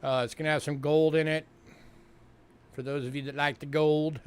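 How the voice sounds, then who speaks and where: Guy from new york running a coin sale stream, kinda high smooth voice, rambly. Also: little pitch movement, normal speed. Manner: chatty, fillers, repeats himself. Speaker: coin sale livestream host. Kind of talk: casual livestream sales talk.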